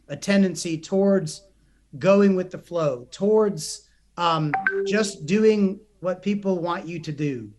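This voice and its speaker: A young man, a psychotherapist and coach, telling stories in a podcast interview with earnest energy and frequent restarts. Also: high voice. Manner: animated, earnest, many restarts.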